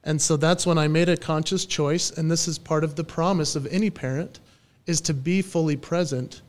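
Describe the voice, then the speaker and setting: An animated man in his forties tells lively stories as a podcast guest. His voice sits fairly high for a man, and he jumps into playful quoted voices as he talks. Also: normal speed. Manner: lively storyteller who acts out quoted voices. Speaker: guest, professional stage entertainer. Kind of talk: podcast interview.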